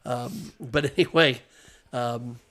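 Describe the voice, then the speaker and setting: A man's voice: medium pitch, slow pace, fairly bright tone. A middle-aged man, a race announcer, telling stories in a rambling, casual way, often repeating himself and laughing as he talks. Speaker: race announcer, podcast guest. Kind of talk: casual storytelling chat.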